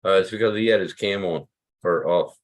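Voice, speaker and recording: A man's voice: deep voice, brisk. A man in his fifties from Pennsylvania, hosting a loose livestream chat, rambling and swearing freely. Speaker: livestream host.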